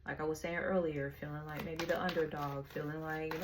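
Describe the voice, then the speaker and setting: Casual tarot reader, woman, frank and slangy, lowish voice, noisy recording. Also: little pitch movement, a little fast. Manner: frank, slangy, laughs often.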